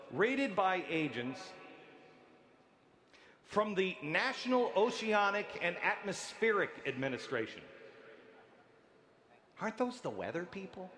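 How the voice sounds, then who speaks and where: A man giving a sarcastic speech at a convention, incredulous and building to shouts. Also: fairly high pitch, slight background noise. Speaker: speaker at a convention.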